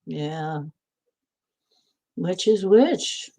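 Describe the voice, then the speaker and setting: A woman host chatting in a slow, unhurried way, drifting from thought to thought with plenty of fillers. Her voice sits on the low side for a woman. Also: lively intonation, dark tone. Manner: meandering, chatty, many fillers. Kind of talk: rambling casual chat.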